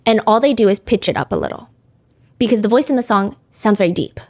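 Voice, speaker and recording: Woman true crime commentator, rapid-fire and chatty, mid-pitched, loose filler-heavy delivery. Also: very animated, a little mellow. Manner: chatty, frequent "like" fillers, reads lyrics aloud. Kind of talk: casual commentary.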